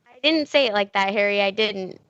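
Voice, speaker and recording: Brief: teen girl witch, read by a woman flatly, muffled, dry and off-mic. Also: mid-range voice, brisk, clean tone, no echo, natural voice. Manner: flat, repeating lines when prompted. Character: exasperated clever teenage girl witch.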